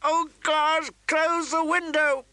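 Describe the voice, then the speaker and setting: A man reading an audiobook, voicing a grieving noble mother who pleads and sobs in a high, strained voice. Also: very slow, a bit bright, no room sound, full character voice. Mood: hysterical. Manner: pleading, sobbing, hysterical cries.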